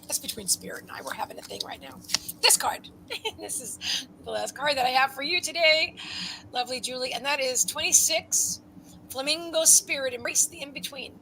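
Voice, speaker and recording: A woman giving a live psychic card reading, rambling and breaking off mid-sentence, with quiet murmured asides. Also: high-pitched, moderate pace, heavy background noise. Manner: rambling, self-interrupting, drops into soft asides. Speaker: psychic reader.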